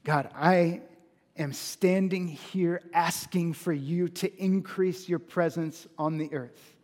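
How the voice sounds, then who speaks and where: A man preaching a sermon in earnest. He builds to emphatic peaks and slows down on key phrases. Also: fairly high pitch, fairly even intonation, a little mellow, in a large hall. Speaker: pastor.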